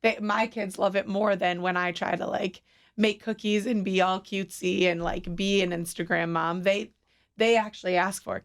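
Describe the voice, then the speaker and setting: Heard through a studio mic, a female radio guest from a city mission chats casually and candidly, often laughing at herself. She has a mid-range voice, fairly even intonation, and a moderate pace.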